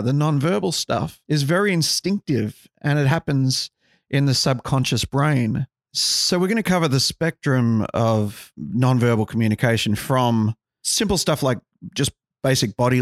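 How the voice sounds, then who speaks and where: A man's voice: medium pitch, no room sound. Man, podcast host, wry and sarcastic, musing, dry close sound. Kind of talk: casual podcast monologue.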